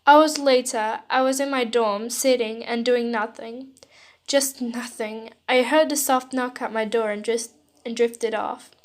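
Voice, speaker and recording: Slow, soft-voiced woman reading fan fiction. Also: fairly high pitch, steady tone. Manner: soft, emotional storytelling. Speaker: fanfiction reader. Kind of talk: second-person fan story narration.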